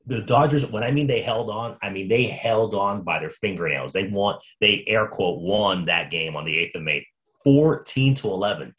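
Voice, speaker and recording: A man with a somewhat low voice hosts a casual sports podcast. He talks in an animated, quick way and often restarts his sentences as he tells a story. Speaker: podcast host.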